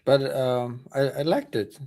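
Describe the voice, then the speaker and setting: A man chatting casually while he learns a coding tool over a screen-share. He speaks haltingly and searches for his words. His pitch is in the middle range for a man. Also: crowd noise. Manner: hesitant, halting speech. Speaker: beginner learning to code.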